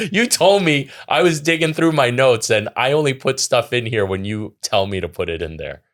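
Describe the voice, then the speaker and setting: A man's voice: medium pitch, expressive, moderate pace, a bit bright. A man co-hosting a casual podcast chat, teasing his partner and laughing often. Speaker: podcast co-host.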